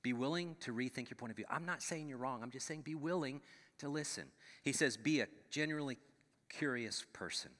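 A man's voice: mid-range voice, fairly quick, a bit bright, big-room sound. A middle-aged man, a pastor, preaching a conversational sermon and checking in with the audience as he goes. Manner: conversational preaching with frequent "right?" asides. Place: church sanctuary.

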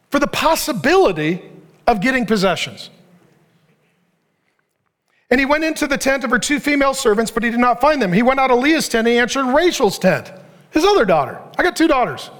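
A middle-aged man preaching a sermon, animated and joking, acting out the people he reads about. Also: very high voice, fairly quick. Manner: animated, joking, acts out the characters' lines; preaching to a laughing audience. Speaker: pastor.

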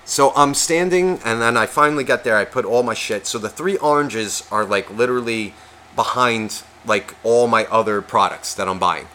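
A man's voice: medium pitch, moderate pace, pushed and bright, slight background noise. A man who is sick, telling a long profane, self-mocking story on a podcast and acting out what people said. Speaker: podcast co-host. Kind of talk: casual storytelling chat.

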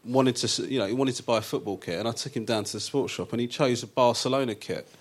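A man with an ordinary, middle-pitched voice tells comic stories on stage in a theatre. He is chatty and self-mocking, and he laughs often at his own jokes. He talks to a live audience. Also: fast. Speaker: comedian guest. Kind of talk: comic storytelling on a live show.

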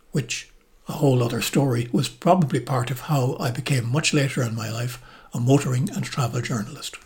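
Older man, Irish accent, memoir reading, measured, reflective, soft breathy endings. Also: mid-range voice. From Ireland. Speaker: narrator, motoring and travel journalist.

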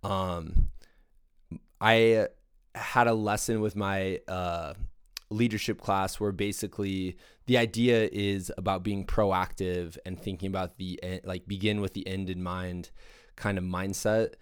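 Deep-voiced enthusiastic man, rambling. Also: fairly even intonation, measured pace, clear, resonant tone, no echo, clean studio sound. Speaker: podcast host. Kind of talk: casual monologue.

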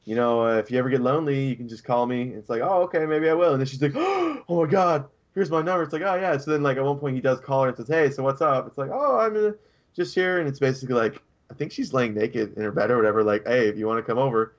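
Casual podcast co-host, male, mid-pitched, rambling storyteller, dull lo-fi sound. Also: steady tone, very fast, hardly any pauses. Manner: rambling storytelling, acts out quotes in raised voices. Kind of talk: casual chat.

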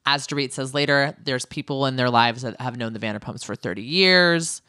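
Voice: medium pitch, fairly quick, bright, forceful tone, smooth, no room sound, studio quality. A podcast co-host chatting casually and opinionatedly in a reality-TV recap, with jokey asides.

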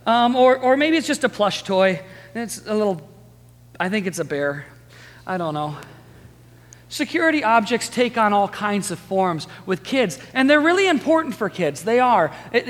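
A man in his thirties preaches a sermon in a lively, conversational storytelling manner. His voice sits high for a man. It rings out with a long reverb through a church sanctuary. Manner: lively, storytelling, chatty with the congregation. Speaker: pastor.

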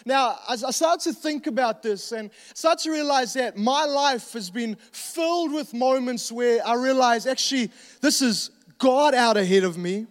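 A man's voice: very high voice, measured pace, few pauses, in a large hall. A male pastor, preaching a sermon in a conversational way with joking asides and restarts.

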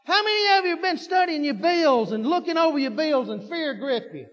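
High-voiced preacher in a reverberant hall. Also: male voice, lively intonation, fairly quick, few pauses. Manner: fervent, folksy preaching with repetition and rising shouts. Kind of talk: sermon. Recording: dull lo-fi recording with long hall reverb.

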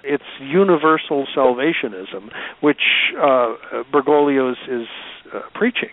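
Man, priest, co-host, halting, indignant, tinny phone-like audio. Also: mid-range voice. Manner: halting, many fillers and restarts, indignant. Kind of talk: conversational religious commentary.

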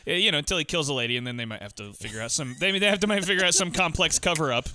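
A man co-hosting a casual film podcast, talking fast and acting out lines of dialogue. His voice is very bright and crisp, and the mic sound is dry and close. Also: fairly high pitch, no echo. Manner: fast, animated retelling with acted-out quotes. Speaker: podcast co-host.

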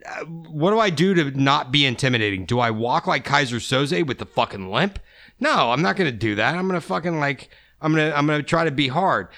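Gravelly, bright-toned male podcast host. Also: mid-range voice. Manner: profane, rambling storytelling. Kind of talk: casual podcast chat.

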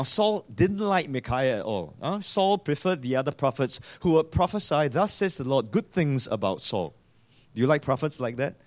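A man preaching a sermon, quoting scripture and putting rhetorical questions to his congregation. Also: on the high side. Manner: reads and quotes scripture in a raised voice.

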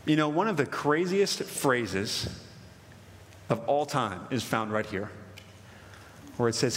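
A man preaching an impassioned sermon, reading scripture slowly and with emphasis. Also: on the high side, sing-song, a bit bright, big-room sound. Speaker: pastor.

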